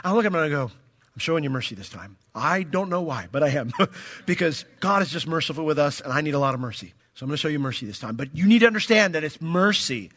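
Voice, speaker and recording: Pastor mid-sermon, bright voice, lots of pitch movement, emphatic. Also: male voice, quick pace. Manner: animated, emphatic preaching with acted-out quotes.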